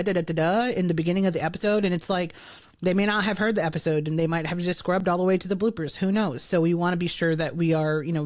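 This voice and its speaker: A woman podcast host explaining her editing choices in a relaxed, conversational way, with small asides. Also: fairly low pitch, no room sound, studio quality.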